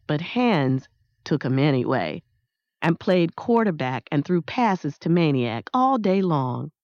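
A woman narrating an audiobook in a measured, lyrical reading. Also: low voice, sing-song, no room sound. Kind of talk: scripted narration. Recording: dry, slightly dull close-mic sound.

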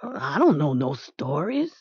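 A woman's voice: low voice, very animated, slow, slightly rough, no room sound, full character voice. A woman voicing a grizzled, shy old man who works at a park, talking hesitantly with folksy, ungrammatical speech, in a dull, dry recording. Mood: gruff.

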